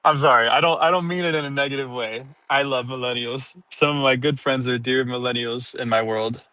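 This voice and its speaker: A young man chats loosely on a livestream, wandering from one thought to the next and laughing at himself. His voice is bright and forceful, close to the mic in a dry, dead room. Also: medium pitch, fairly quick, no echo. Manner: rambling and self-amused, laughing often. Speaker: streamer. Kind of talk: casual livestream chat.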